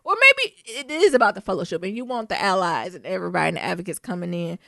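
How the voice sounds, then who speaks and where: A young adult woman co-hosting a podcast in casual chat, animated and slangy, often laughing. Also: fairly low pitch, quick pace, gravelly, dry recording, studio quality. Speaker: podcast co-host.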